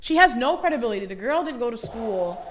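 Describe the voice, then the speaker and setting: A woman talking casually as a podcast guest, animated and laughing, swearing freely. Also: on the high side, fast, slight background noise.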